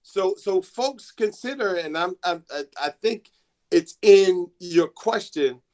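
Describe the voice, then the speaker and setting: Halting man, slightly raised pitch. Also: lively intonation, darkish tone. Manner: halting, many restarts and fillers. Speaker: student assistance coordinator. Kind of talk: classroom talk to students.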